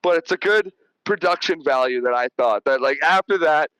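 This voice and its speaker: Rambling, swearing podcast host, fairly high voice. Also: male voice, moderate pace, fairly bright tone, clean tone, no room sound, rough recording. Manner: rambling, profane, retells scenes. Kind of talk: casual movie review chat.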